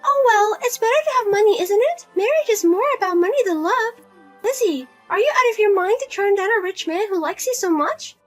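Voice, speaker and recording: A woman's voice: very high voice, expressive, brisk, soft background music. A woman playing a pushy, self-pitying widowed mother who keeps guilt-tripping her daughter and asking for money, in a narrated drama. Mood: nagging. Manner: nagging, whiny, guilt-tripping.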